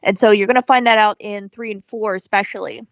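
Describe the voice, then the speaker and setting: A woman's voice: medium pitch, fairly even intonation, fast, no echo. A woman guest in a casual interview, talking chattily about her comic with many ums and you-knows. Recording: dry tinny phone-like line.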